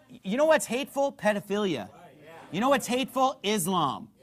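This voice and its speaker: A man's voice: high voice, big pitch swings, normal speed. A man preaching a heated sermon, firing off rhetorical questions, raising his voice in bursts, and stopping to read passages aloud from a book. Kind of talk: fiery sermon.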